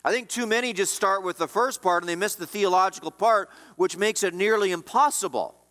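A man preaching a sermon as pastor, emphatic, his voice swinging between loud rises and quiet drops. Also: a little fast, long reverb tail. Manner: emphatic preaching, rising and dropping in pitch and volume.

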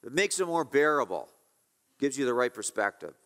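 A man preaching an expository sermon, emphatic, repeating key phrases and swinging between loud and hushed. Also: mid-range voice, sing-song, normal speed. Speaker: pastor. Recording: reverberant hall.

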